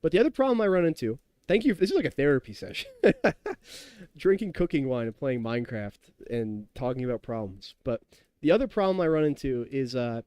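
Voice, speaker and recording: A man's voice: medium pitch, very animated, fairly quick, darkish tone, smooth, dry recording. A tipsy young man in his twenties streaming a game, rambling and chatty, laughing and talking to his chat. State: tipsy from drinking. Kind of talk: casual live-stream chat while gaming.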